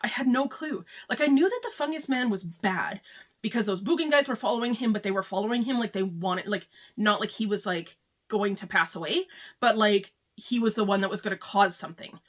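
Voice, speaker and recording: A woman's voice: mid-range voice, brisk. A woman giving a casual, rambling book review, chatty and full of filler words. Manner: chatty, rambling, heavy use of "like".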